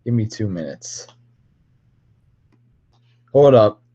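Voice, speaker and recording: A man's voice: fairly low pitch, expressive, slow, dark tone, slightly rough, lo-fi sound. A man on a casual livestream, rambling and ranting with constant profanity at his viewers. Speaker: streamer.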